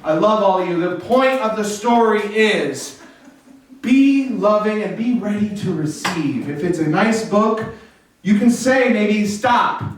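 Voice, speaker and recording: A man's voice: high voice, expressive, a little slow. A man hosting a live variety show, joking with the audience, swearing freely and leading it in chants. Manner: playful, teasing, leads audience chants. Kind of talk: live stand-up crowd work. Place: live venue before an audience. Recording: echoey room from far off, faint noise.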